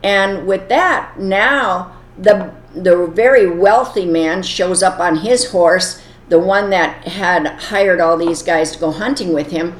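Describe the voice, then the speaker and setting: A woman's voice: fairly low pitch, slow, hardly any pauses. An earnest woman telling a moral story and then explaining its lesson, with plain wording. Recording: echoey room.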